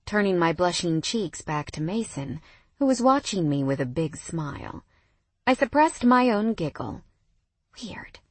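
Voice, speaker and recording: A young adult woman narrating a first-person romance audiobook in an expressive, wry manner. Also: lowish voice, breathy edge, dry recording.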